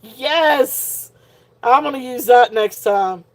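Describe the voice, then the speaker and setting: Taking her time, a woman with a fairly high voice chats casually while running a live jewelry sale. She sounds tired and punch drunk, laughing frequently through her words.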